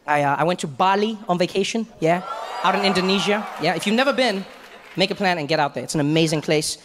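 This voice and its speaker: A young adult man from South Africa with a South African accent, telling stand-up stories in an animated, conversational way. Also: sits high, fast talker. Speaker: stand-up comedian. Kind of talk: stand-up comedy. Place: stage in a large hall. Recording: echoey hall, faint crowd noise.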